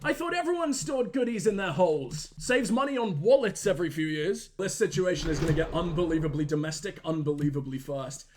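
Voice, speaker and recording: A young man doing crude, joking, excitable gaming commentary. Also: on the high side, brisk, hardly any pauses, slight background noise.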